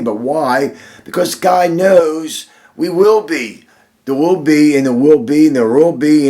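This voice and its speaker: A man giving a short devotional sermon, earnest and slow, repeating phrases for emphasis and often restarting his sentences. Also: mid-range voice, darkish tone. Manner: slow, deliberate delivery with frequent restarts. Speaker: devotional speaker.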